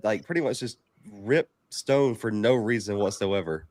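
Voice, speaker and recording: Low-voiced male podcast guest, fired up and ranting, dry close sound. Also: normal speed, dry recording. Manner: animated, ranting. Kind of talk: casual sports banter.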